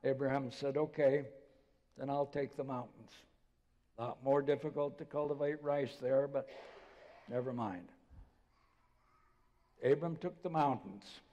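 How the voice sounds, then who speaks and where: Older man, pastor, mellow, storytelling sermon, reverberant church sound. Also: medium pitch, unhurried, long pauses, lo-fi sound. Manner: conversational storytelling preacher, drops to soft voice for quotes. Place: church sanctuary.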